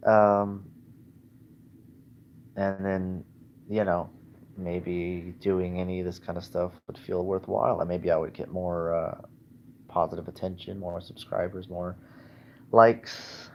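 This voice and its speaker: Deep-voiced man rambling hesitantly. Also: little pitch movement, lo-fi sound, a little hiss or hum. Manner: hesitant, halting, lots of fillers and restarts; self-deprecating, candid. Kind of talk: casual rambling livestream chat. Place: in bed at home.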